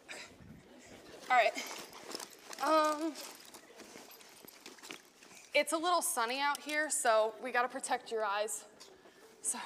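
Young woman Bible teacher, high voice, playful with kids, reverberant hall. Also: a little hiss or hum. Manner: playful, animated, laughing often. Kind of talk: acting out a Bible story with children.

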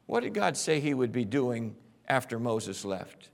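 A man preaching a sermon, telling a story dramatically and swinging between loud bursts and hushed passages. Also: medium pitch, big pitch swings, a little slow, gravelly, few pauses. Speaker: pastor.

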